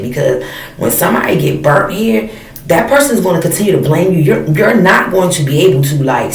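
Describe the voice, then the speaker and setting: A woman's voice: sits low, gravelly, a little mellow. A woman in her thirties telling a personal story as a blunt, profane, fired-up rant in casual talk to camera. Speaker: storyteller vlogger. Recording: echoey room, mic at a distance, faint noise.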